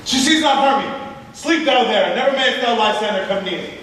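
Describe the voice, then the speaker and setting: A man's voice: very high voice, lively intonation, moderate pace, background noise. A teenage boy playing an ardent, fickle young nobleman in a school stage play, declaiming passionately, recorded in an echoey hall from far off. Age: teens. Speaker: student actor.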